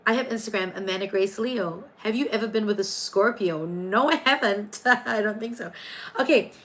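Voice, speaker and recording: A woman's voice: medium pitch, normal speed, a bit bright, slight background noise, low-quality recording. A woman hosting a casual astrology and tarot livestream, chatty and playful, jumping between viewer comments.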